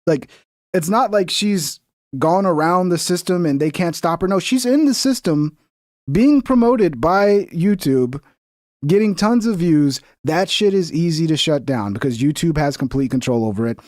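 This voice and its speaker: A man reacts to clips on a stream, ranting with sarcasm and plenty of swearing. His voice sits a bit high for a man. The sound is dry, with no room echo. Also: expressive, moderate pace, darkish tone. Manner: sarcastic, profane, mocking rant. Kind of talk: profane reaction commentary.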